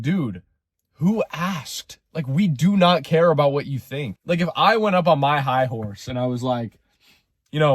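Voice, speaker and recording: A man's voice: a little high, animated, moderate pace, dry recording, studio quality. A young man delivering a sarcastic, rambling sports rant in a casual monologue. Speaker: sports commentary creator.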